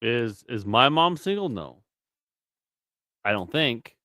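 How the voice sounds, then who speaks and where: A man's voice: medium pitch, big pitch swings, slow, bright, forceful tone, dry recording, clean studio sound. A man hosting a casual stream chat, rambling and swearing freely. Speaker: stream host.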